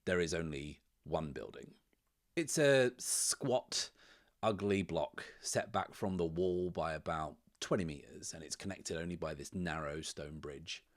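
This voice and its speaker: A man hosting and narrating a solo tabletop game, telling the scene in a relaxed way and thinking aloud between dice rolls. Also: low voice. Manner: relaxed, descriptive storytelling that drifts into thinking aloud. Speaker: solo game master and host.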